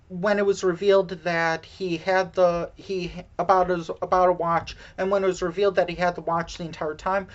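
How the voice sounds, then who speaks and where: A woman casually recapping a movie plot, halting with many fillers and self-deprecating asides, heard on a dull lo-fi recording. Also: on the low side.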